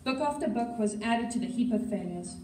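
A woman reads a novel aloud at a school assembly with steady storytelling. Her voice is fairly high and mellow. It sounds distant and roomy, with faint background noise. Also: brisk. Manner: steady storytelling with occasional slips. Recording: echoey hall, mic far off.

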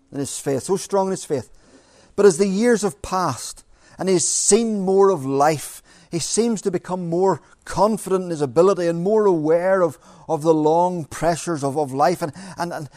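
A middle-aged male pastor preaching in church. His voice sits fairly high for a man and sounds close and dry. He is earnest and presses his points with repeated phrases and rhetorical questions. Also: a little mellow, dry recording. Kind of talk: sermon.

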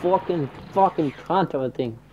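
A man's voice: on the high side, animated, normal speed, muffled recording, heavy background noise. A young man gaming in voice chat, cursing and complaining about getting knifed. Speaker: gamer in voice chat. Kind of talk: casual game chat. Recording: game audio with loud music behind.

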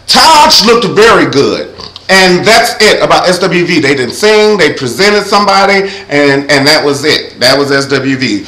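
A man's voice: on the high side, sing-song, measured pace, pushed and bright, roomy sound, low-quality recording. A young man giving a sassy, campy recap of an awards show, breaking into sung impressions. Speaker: vlogger reviewing an awards show.

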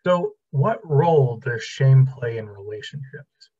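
A man's voice: medium pitch, expressive, unhurried, mellow, slightly rough, muffled recording. A man teaching a relationship class in a casual, conversational lecture, telling stories and acting out dialogue. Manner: conversational, acts out quoted dialogue. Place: library classroom.

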